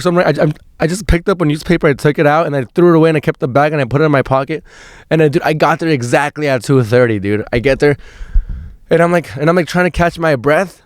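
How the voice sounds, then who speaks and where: Fast and on the high side, a young man hosting a podcast delivers a wandering, casual story full of "dude" and swear words. The audio is studio quality with no room sound.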